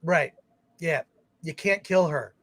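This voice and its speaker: A podcast co-host speaks slowly in a fairly high, fairly bright voice, recorded dry. He's casually chatting on a live film talk show, rambling and restarting his points often while reading comments from viewers aloud.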